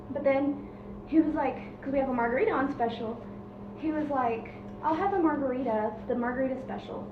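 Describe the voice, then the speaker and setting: Woman server, chatty storytime, high voice, set back from the mic in a room. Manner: chatty, asks viewers directly. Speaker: restaurant server. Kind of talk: casual storytime. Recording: distant, roomy, dull lo-fi with background noise.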